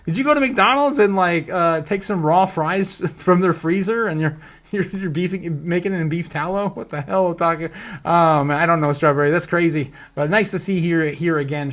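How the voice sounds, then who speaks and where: A man's voice: on the high side, fairly bright tone. Rambling man hosting a crypto livestream. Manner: rambling, laughs often, talks to chat as "guys". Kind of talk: casual livestream chat, reading viewer comments.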